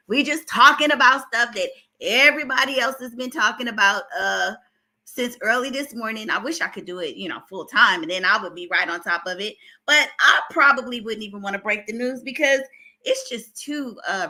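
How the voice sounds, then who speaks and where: A woman's voice: fairly high pitch, bright, forceful tone. A middle-aged woman with an Oakland accent hosting a casual gossip livestream, greeting viewers by name and laughing between remarks. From Oakland, California. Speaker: celebrity gossip livestream host.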